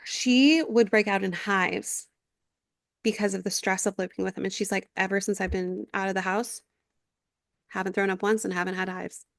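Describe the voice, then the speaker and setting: A woman's voice: mid-range voice, fairly even intonation, normal speed, creaky, no echo, clean studio sound. A woman in her thirties co-hosting a podcast, telling a story in casual chat, acting out quotes and swearing freely. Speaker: podcast co-host. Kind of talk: casual chat recapping a reality show.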